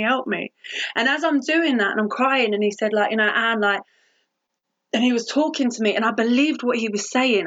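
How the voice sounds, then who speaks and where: A woman's voice: fairly high pitch, fairly bright tone. A woman giving a blunt, candid recovery testimony, swearing freely. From England. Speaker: recovery speaker. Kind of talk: personal testimony talk. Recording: dull lo-fi audio.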